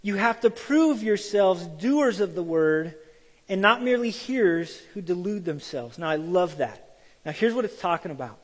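Preaching at a normal speed, a pastor tells stories and plays out the voices of the people in them with animation. His voice is high, and the recording has a big-room sound.

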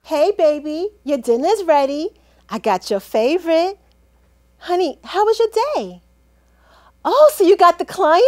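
A high-voiced woman with a lively, swooping delivery, acting out a one-woman comedy skit. She plays every scene herself, talking to partners no one hears, with sassy, dramatic flair. Her voice jumps around a lot as she reacts. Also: normal speed.

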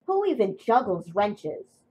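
A woman's voice: mid-range voice, very animated, takes it slowly, slightly rough, dull audio, full character voice. A woman voicing a grumpy, bossy male engine who grumbles and barks orders, in a storybook tale. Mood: commanding. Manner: grumbling, commanding.

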